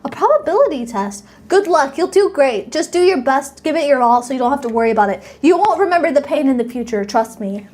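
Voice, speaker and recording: A woman's voice: high voice, lively intonation, fast talker, few pauses, a little mellow. A woman streamer chatting casually and playfully with her live chat, thanking viewers and cheering them on. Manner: bubbly, playful, reads and thanks chat, sometimes squeals.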